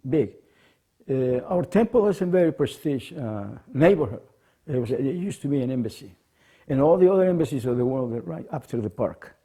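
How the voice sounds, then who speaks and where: A man from Mexico, calmly telling a personal memory. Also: medium pitch, slightly rough. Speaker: devotee recalling memories. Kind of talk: personal reminiscence.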